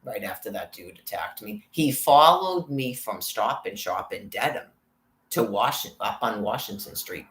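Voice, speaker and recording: A woman's voice: very deep voice, lively intonation, unhurried, a bit bright. A woman vlogger telling a rambling, profane story about being harassed, in an agitated way. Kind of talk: rambling personal rant. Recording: roomy with faint background noise.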